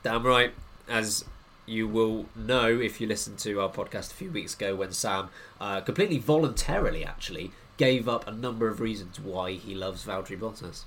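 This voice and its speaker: A man's voice: fairly low pitch, moderate pace, fairly bright tone, a little hiss or hum. A man hosting a podcast, putting questions to his co-hosts in a wry, teasing way. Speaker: podcast host. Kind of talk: casual podcast chat.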